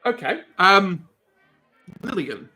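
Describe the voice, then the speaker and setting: Male game master, bright tone, slow and meandering, dry jokes. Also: high voice, very animated, breathy edge, soft background music. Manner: rambling, many ums, wry asides. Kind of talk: narrating a tabletop game.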